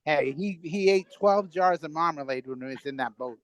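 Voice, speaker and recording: A movie club member chatting casually, teasing the host and reacting quickly. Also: mid-range voice. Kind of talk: casual chat.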